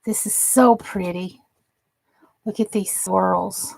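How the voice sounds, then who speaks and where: A woman chats through a casual crafting live stream, her voice gravelly with vocal fry. She takes her time over each thought and admires every piece she holds up. The recording is close and dry, with no room sound. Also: mid-range voice, fairly even intonation, takes it slowly, no room sound. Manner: gushing and admiring, chatty asides.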